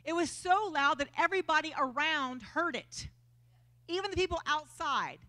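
High, bright-voiced woman preaching animatedly. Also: normal speed. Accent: Texan. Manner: animated, conversational preaching with acted-out quotes. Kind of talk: sermon. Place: church.

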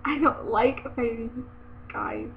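High-pitched giggly teenage girl ranting. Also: wildly swooping pitch, takes it slowly. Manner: chatty, giggly, rambling and exasperated. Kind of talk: casual webcam vlog rant. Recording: tinny phone-like webcam audio, faint hiss.

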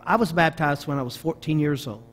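This is a sermon from a middle-aged Arkansas pastor whose Southern accent rides on a voice on the high side. He talks briskly and tells stories with animation, often starting phrases over.

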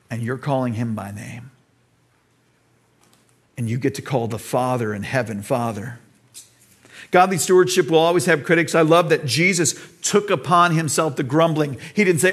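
A man's voice: a little high, husky. A pastor with an American accent preaching an earnest sermon to his church, now and then acting out voices in the story he tells. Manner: earnest preaching, acts out quoted dialogue.

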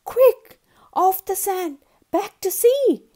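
A woman voicing a tiny, brave female sea snail in a storybook read-aloud, with high, excited cries. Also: drawn-out words, exaggerated voice. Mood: urgent.

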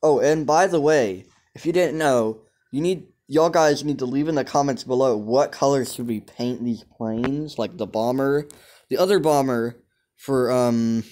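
A man's voice: mid-range voice, darkish tone. A young man hosts his own gaming video, commenting casually as he plays. He rambles and restarts often, sprinkling ums between thoughts, in a plain mid-range voice. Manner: chatty, rambling, many ums. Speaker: gaming channel host.

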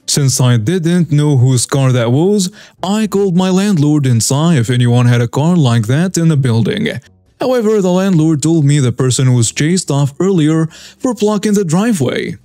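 A man's voice: a little high, expressive, normal speed, mellow, no echo. A man narrating scripted reader stories, reading every character's lines in much the same voice. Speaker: story narrator.

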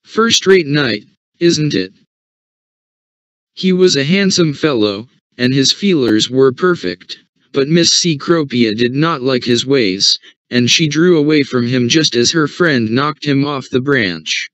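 A man narrating a short story for English learners in an even, measured reading. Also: medium pitch, no room sound. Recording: dull, dry recording.

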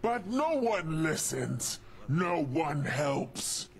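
In this video game dialogue, an actor voices a huge, furious, desperate male super mutant who speaks in broken sentences and calls himself by name in the third person. The exaggerated voice sits on the high side, sing-song and gravelly, delivered very slowly with bursts of shouting.

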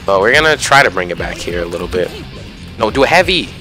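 Young man, gameplay commentary, wildly swinging pitch, bright voice, music underneath. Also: fast talker. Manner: excitable, yelling at wins and losses, self-mocking. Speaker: gaming YouTuber. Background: background music.

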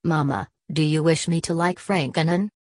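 A woman's voice: deep voice, fairly even intonation, moderate pace, dry recording, clean studio sound. A woman voicing an earnest, impetuous young noble daughter who speaks eagerly. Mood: meek.

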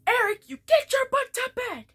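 Woman doing a shrill scolding cartoon mom. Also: animated, unhurried, fairly bright tone, full character voice. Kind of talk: retelling a cartoon scene.

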